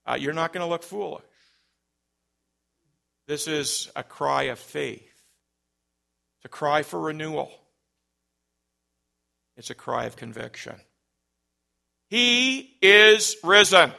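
Male pastor, slow deliberate delivery, earnest Easter sermon. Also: a little high, gravelly. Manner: earnest, builds to loud calls.

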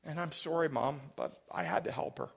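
A woman's voice: deep voice, a little fast, gravelly, husky, heavily acted. A man voicing a little girl who tearfully apologizes to her mother. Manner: tearful, pleading.

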